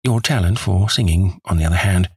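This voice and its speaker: Brief: male narrator doing a cool analytical detective, deep and husky, calm and teasing. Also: brisk, dry recording, exaggerated voice. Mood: dry composure. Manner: calm, clinical, faintly teasing.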